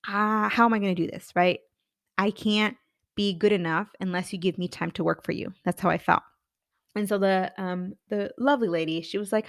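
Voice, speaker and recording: A woman's voice: medium pitch, a little fast, no echo, studio quality. A woman in her thirties, a career coach and podcast host, telling her own story candidly and acting out her past thoughts. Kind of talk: personal storytelling.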